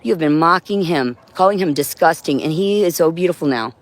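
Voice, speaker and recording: A woman's voice: deep voice, lively intonation, fairly quick. A woman on a livestream in an agitated, profane, rambling monologue, now and then talking to her cat.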